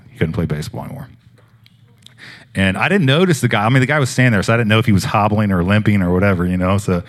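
A man preaching, telling personal healing stories in a rambling, animated way with many fillers. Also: low voice. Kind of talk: sermon testimony storytelling.

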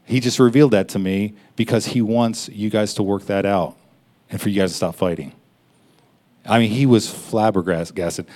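A man preaching in a conversational, personal way, stopping for quick laughs and honest asides as he addresses his listeners. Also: lowish voice, a little mellow. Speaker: pastor. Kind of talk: sermon.

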